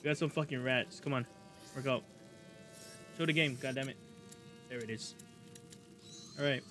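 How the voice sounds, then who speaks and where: A man streaming a video game live, excitable, swearing a lot and joking with chat. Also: mid-range voice, moderate pace, faint music behind. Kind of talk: live gameplay commentary.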